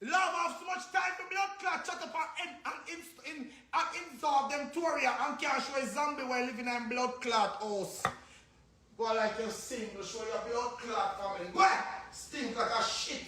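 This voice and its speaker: A man's voice: very high voice, normal speed, pushed and bright, roomy sound. A man with a Jamaican accent ranting angrily on a livestream, cursing and repeating himself. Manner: angry, insulting, cursing, repetitive.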